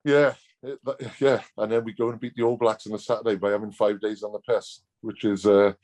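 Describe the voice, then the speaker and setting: A man's voice: on the low side, flat delivery, fairly quick, a little mellow. A Welsh man, a former rugby player, telling stories as a guest in a casual, blunt way, laughing often. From Wales. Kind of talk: casual storytelling.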